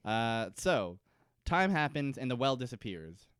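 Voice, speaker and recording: A man's voice: medium pitch, big pitch swings, unhurried, a bit bright, clean tone, no echo, clean studio sound. A man co-hosting a casual comedy podcast, recapping a TV episode in a rambling, jokey way and slipping into silly voices. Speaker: podcast co-host.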